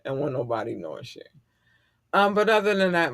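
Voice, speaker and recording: A middle-aged man hosting a casual podcast chat, animated and profane and quick to laugh. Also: on the high side, dry recording, studio quality. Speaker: podcast host.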